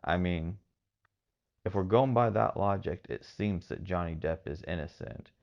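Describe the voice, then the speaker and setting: Deep gravelly-voiced man, muffled. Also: unhurried. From Texas. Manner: rambling, hedging with fillers. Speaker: podcast host. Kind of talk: casual solo commentary.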